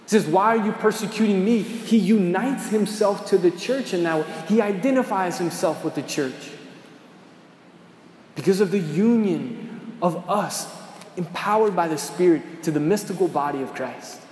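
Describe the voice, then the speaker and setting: A man preaches in a church, his slightly high voice carrying an earnest, conversational tone as he asks his listeners questions. The sound rings through a roomy space with a long reverb tail. A faint hiss sits under the recording. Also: lively intonation, a little slow, a little mellow. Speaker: priest. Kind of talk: sermon.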